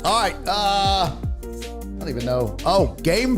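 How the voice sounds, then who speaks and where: A man's voice: takes it slowly, over music. A man hosting a casual sports talk livestream, reading viewer comments aloud and joking around. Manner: animated, jokey, swings pitch wildly. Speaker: sports talk show host.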